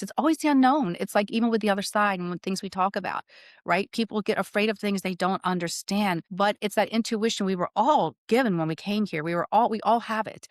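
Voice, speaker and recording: A woman's voice: mid-range voice, no room sound, studio quality. A woman co-hosting a spiritual podcast, telling a personal story in earnest, casual chat and often checking in with "right?". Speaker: podcast co-host and spiritual medium.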